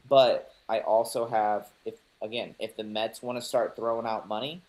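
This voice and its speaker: A man's voice: mid-range voice, low-quality recording. A man co-hosting a sports podcast, talking casually and confidently, giving firm opinions with a joking edge. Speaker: podcast co-host.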